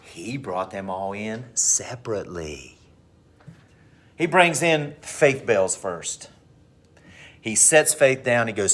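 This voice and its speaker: A male teacher telling a dramatic story to his class with animated delivery. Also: fairly low pitch, takes it slowly, pauses often. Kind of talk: storytelling in a lesson.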